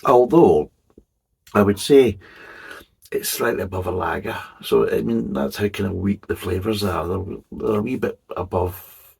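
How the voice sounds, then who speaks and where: Very husky, gravelly low-voiced man. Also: unhurried, darkish tone. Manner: chatty, rambling, swears casually. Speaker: beer reviewer. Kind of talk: casual rambling beer review.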